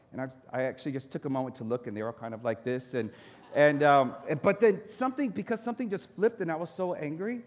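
A man who is a pastor, telling a personal story in a sermon and acting out his own reactions. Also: on the high side. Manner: animated storyteller, acts out his own anger. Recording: echoey hall reverb.

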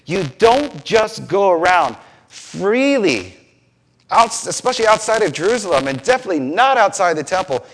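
A man's voice: sits high, moderate pace. A man preaching a sermon, acting out scenes and quoting voices as he teaches from scripture. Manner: animated, acts out biblical scenes with quoted voices. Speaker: pastor.

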